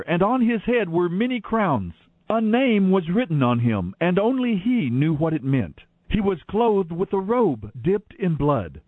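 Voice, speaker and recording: A man giving a dramatic, expressive scripture reading on radio, heard over tinny lo-fi audio. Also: high-pitched, dry recording. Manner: expressive, declaiming delivery. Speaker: Bible reader on radio.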